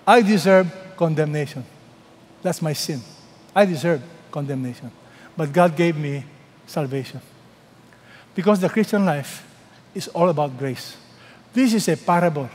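A man delivers a sermon with emphatic phrasing, pausing before key words and letting them fall to a near hush. His voice sits fairly high for a man. A long hall reverb trails each line. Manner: emphatic preaching with dramatic pauses and soft drops. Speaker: pastor.

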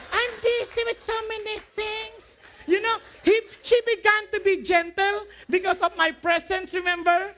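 Lively male preacher, unusually high voice, sermon delivery with scripture quotes and questions to the room. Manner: animated preaching, laughing at own jokes. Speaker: pastor.

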